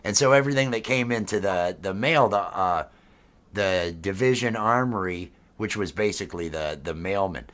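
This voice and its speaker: A blunt, easygoing middle-aged man chatting on a casual podcast. His voice sits a little low, with a relaxed delivery. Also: normal speed. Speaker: podcast co-host. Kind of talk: casual chat.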